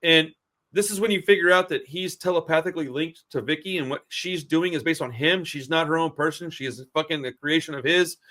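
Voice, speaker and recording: Hyped guy ranting about a movie, swears a lot, voice sits a bit high. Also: brisk. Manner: excitable, profane, slangy. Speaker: podcast co-host. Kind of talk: casual film review chat.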